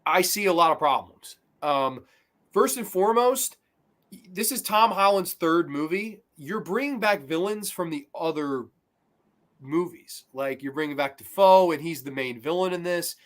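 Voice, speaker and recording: A man's voice: fairly high pitch, lively intonation, a little slow, fairly bright tone. A man as a podcast guest in casual movie talk, blunt and profane, firing off rhetorical questions.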